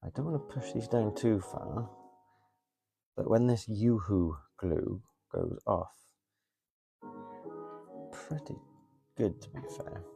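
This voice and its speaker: A man's voice: fairly low pitch, creaky, dark tone. Chatty man crafting on a live stream. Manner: chatty, mutters while working, reads viewer comments. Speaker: model railway hobbyist streamer. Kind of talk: casual live-stream chat while crafting.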